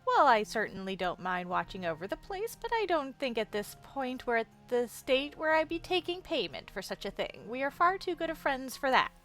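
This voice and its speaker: A woman's voice: sits high, big pitch swings, moderate pace, hardly any pauses, a bit bright, soft background music. A woman voicing a kindly shopkeeper lady with a put-on accent, fussy and polite in a tabletop game. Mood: friendly.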